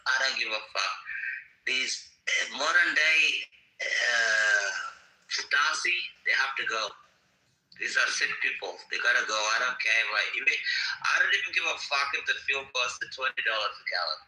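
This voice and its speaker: A man calling in to a live show, blunt and profane as he rants. His voice is sharp and bright, and the line sounds roomy and echoey. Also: medium pitch, moderate pace. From Australia. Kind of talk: heated political call-in chat.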